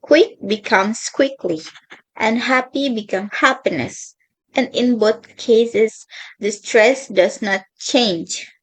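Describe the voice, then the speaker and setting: A woman's voice: fairly high pitch, slow, fairly bright tone, low-quality recording. A young woman reading out her class presentation on linguistics, carefully stressing each example word. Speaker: student presenter.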